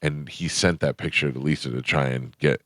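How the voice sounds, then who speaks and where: A man hosting a morning radio show, telling stories in casual banter and jumping high in pitch when he quotes people. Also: moderate pace, no room sound, clean studio sound. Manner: animated storyteller, jumps up high when quoting people. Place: radio studio. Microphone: studio microphone.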